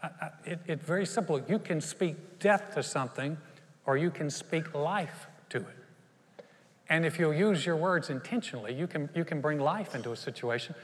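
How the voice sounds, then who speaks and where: A male pastor preaching a sermon in an animated way. He acts out quotes and often laughs. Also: a little high, in a large hall.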